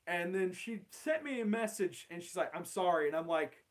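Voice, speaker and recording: A young man rambles through an awkward personal story in a casual, unscripted way. His voice sits a little higher than most men's. He swears freely and fills his talk with "like" and "um". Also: animated, moderate pace. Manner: rambling, swearing, with laughs and many fillers. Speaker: channel host.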